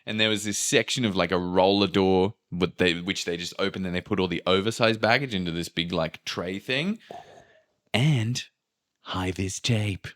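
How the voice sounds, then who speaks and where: A man telling a travel story in casual podcast chat, swearing freely and acting out quotes with sudden pitch jumps. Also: normal speed, a bit bright.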